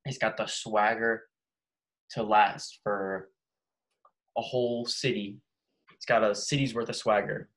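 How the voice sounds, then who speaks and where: Man, low voice, flat delivery, casual podcast host, joking. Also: a little slow, long pauses, poor audio. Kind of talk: casual chat.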